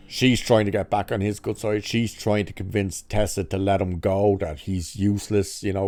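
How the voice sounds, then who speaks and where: A man's voice: lowish voice, fairly even intonation, normal speed, darkish tone, no echo. A man casually recapping a film's plot as a reviewer, sarcastic, swearing, and mocking scenes with exaggerated quoted lines. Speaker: movie reviewer.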